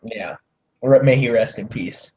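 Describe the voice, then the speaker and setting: A young man co-hosting a casual movie podcast, ranting and swearing as his volume swings from loud to mumbled. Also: fairly low pitch, unhurried, slight background noise. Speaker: podcast co-host.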